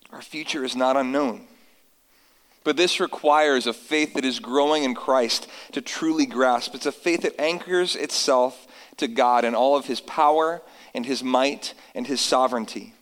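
A man, likely in his thirties, preaching a sermon to his congregation, telling family stories and reading scripture slowly for emphasis. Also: mid-range voice, a bit bright, long reverb tail, poor audio. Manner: earnest, storytelling with slow emphatic scripture reading. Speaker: pastor.

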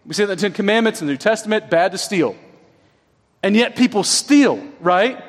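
High-voiced man preaching in a reverberant hall. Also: lively intonation, a little fast. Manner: conversational preaching with frequent tag questions. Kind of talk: sermon. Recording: long reverb of a large hall.

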